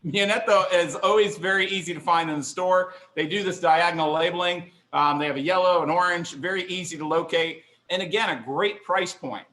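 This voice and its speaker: Middle-aged guy running an online wine class from his kitchen, chatty and excited, echoey room. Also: sits high, fairly quick, few pauses. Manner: chatty, enthusiastic, self-deprecating. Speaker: wine instructor. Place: kitchen counter, indoors.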